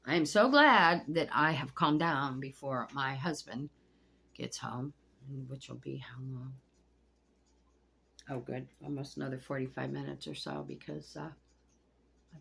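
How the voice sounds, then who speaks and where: Middle-aged woman, husky and gravelly, blunt and profane, casual vlog venting at home. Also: low voice, lively intonation, measured pace, long pauses, a bit bright. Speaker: vlogger. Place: at home among pet turtles.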